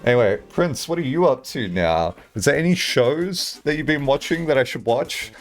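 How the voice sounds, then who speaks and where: A man livestreaming, chatting casually with his viewers in a lively, rambling way, swearing freely and filling his talk with "like". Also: medium pitch, normal speed, faint music behind. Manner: animated, chatty, swears casually, many "like" fillers. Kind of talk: casual livestream chat, answering chat.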